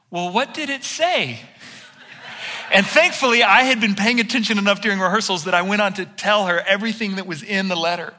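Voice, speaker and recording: Pastor guy, bright sharp voice, animated storytelling sermon, pokes fun at himself. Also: sits high. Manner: animated storyteller, self-deprecating humor.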